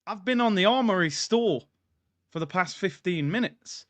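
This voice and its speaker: A man's voice: sits high, lively intonation, normal speed, fairly bright tone, dry recording. A man hosting a casual football livestream, hyped, slangy and jokey. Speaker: football channel host. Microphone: streaming mic.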